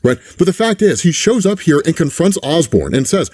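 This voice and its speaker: A man casually retelling and reviewing a comic book, animated and often checking in with the listener. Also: on the high side, a little fast, dry recording, clean studio sound. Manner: animated, keeps asking "right?". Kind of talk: casual commentary.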